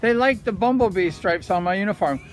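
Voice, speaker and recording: High-voiced man telling racing stories. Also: fairly quick. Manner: chatty, amused, self-deprecating storyteller. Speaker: former motorcycle racer telling stories. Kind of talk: casual storytelling vlog. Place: outdoors by the ocean at low tide with his dog. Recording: background music under the voice.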